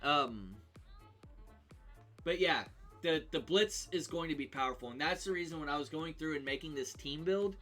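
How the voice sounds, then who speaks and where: A man's voice: fairly high pitch, normal speed, bright, forceful tone, faint music behind. A male game streamer talking casually through a team build, thinking aloud with lots of ums and restarts.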